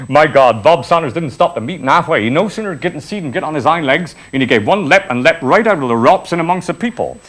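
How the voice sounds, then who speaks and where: A man's voice: fairly high pitch, expressive, fairly quick, fairly bright tone. A man, telling an old reminiscence in broad dialect with chuckles. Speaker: storyteller. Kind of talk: spoken reminiscence, folk tale.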